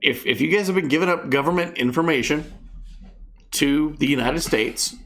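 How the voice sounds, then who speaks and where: A man's voice: fairly high pitch, moderate pace, a bit bright. A man hosting a casual comedic news show, reading stories and adding sarcastic, exasperated asides.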